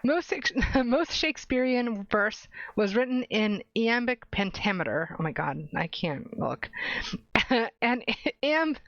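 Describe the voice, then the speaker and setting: A woman's voice: mid-range voice, no room sound. Chatty young woman reading aloud, lo-fi. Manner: chatty, stumbles and self-corrects while reading. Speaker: streamer. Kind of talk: casual chat while reading game documents aloud. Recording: dull, dry lo-fi stream audio.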